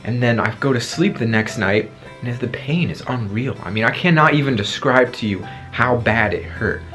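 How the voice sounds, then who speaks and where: A man's voice: mid-range voice, animated, normal speed, a bit bright, faint music behind. A man in his twenties telling a dramatic personal story on his vlog, acting out his own past lines, with a sore throat. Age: 20s. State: sore throat after tonsil surgery. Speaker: vlogger.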